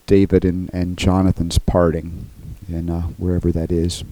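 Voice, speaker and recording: Earnest low-voiced male preacher. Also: completely flat delivery, normal speed, dark tone, poor audio. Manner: earnest, emphatic, repeats "okay?" to the congregation. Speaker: pastor. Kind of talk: sermon.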